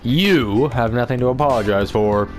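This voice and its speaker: A man voicing a gruff, overprotective middle-aged father who talks bluntly. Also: mid-range voice, moderate pace, soft background music, natural voice. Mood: grumbling. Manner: blunt, grumbling.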